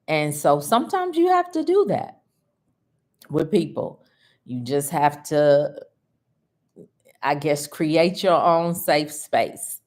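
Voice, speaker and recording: A livestream host with a low, darkish voice chats casually while tearful and grieving. She speaks slowly and unhurriedly, emotional and personal, often breaking into laughs.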